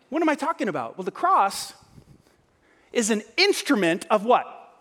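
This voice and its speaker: A man's voice: high voice, big pitch swings, moderate pace, pauses often, fairly bright tone. A male pastor preaching a sermon, firing rhetorical questions at his congregation. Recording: long hall reverb.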